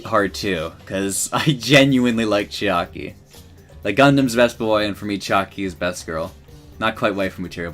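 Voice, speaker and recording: A man's voice: fairly low pitch, a bit bright. A man streaming, talking casually and emotionally in a rambling way with many restarts.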